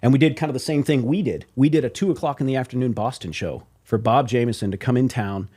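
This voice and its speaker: A man's voice: mid-range voice, quick pace, husky. A man from Las Vegas, a professional drummer and podcast guest, telling stories in casual chat, slangy and swearing, calling people "bro". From Las Vegas, USA. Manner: animated, slangy, swears, says "bro", acts out quotes.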